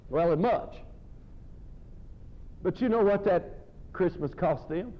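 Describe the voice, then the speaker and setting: Man, fiery folksy preacher, high-pitched, muffled lo-fi recording. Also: takes it slowly. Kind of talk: sermon.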